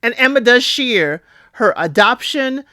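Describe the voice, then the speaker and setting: A woman recapping a reality show in a chatty, expressive way, often asking "okay?" and calling out to her listeners. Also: on the high side, measured pace, dry recording, studio quality. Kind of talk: casual recap commentary.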